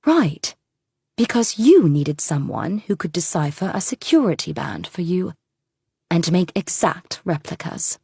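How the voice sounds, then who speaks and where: A woman's voice: fairly low pitch, expressive, measured pace, creaky, mellow, breathy edge, no room sound, clean studio sound, heavily acted. A woman voicing a determined woman detective in an audiobook, speaking in an urgent, accusing way. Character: sharp, determined older woman sleuth. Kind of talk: audiobook character reading.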